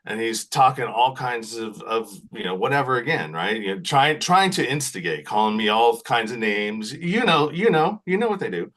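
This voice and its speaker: A man with a medium-pitched voice talks at normal speed with few pauses as a podcast guest. Animated and chatty, he works through a long story, often adding "right?" to his sentences.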